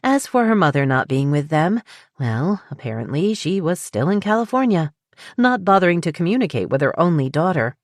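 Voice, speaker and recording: A woman reads a romance audiobook with a low, steady voice and measured pacing. She is close to the mic, and the sound is dry, with no room around it. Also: no echo. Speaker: audiobook narrator. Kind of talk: scripted narration.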